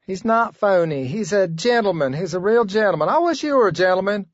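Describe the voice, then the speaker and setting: A man voicing a naive, excitable young wife, raising his voice high and talking in a shrill, gushing, pleading way. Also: brisk, dry recording, lo-fi sound. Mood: defensive.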